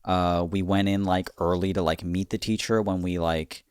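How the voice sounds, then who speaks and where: A man's voice: low voice, steady tone, normal speed, clean tone, no room sound, clean studio sound. A man co-hosting a comedy podcast, telling a rambling, profane story full of filler words. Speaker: podcast co-host.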